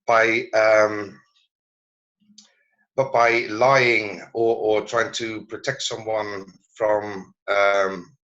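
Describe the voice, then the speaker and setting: A man giving a presentation over a video call, halting and searching for his words as he goes. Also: fairly low pitch, flat delivery, fairly bright tone, muffled recording. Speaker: presenter at a learning network meeting. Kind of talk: online meeting presentation.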